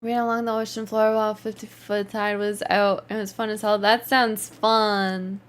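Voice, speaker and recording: A woman's voice: mid-range voice, flat delivery, moderate pace. A woman livestreamer chatting casually, reading out and answering her chat while often laughing. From Canada.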